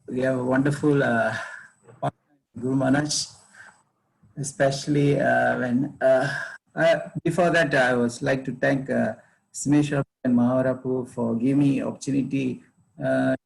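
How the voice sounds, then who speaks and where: Flat gravelly man, hesitant. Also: medium pitch, low-quality recording. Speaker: former traveling secretary sharing memories. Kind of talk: devotional talk.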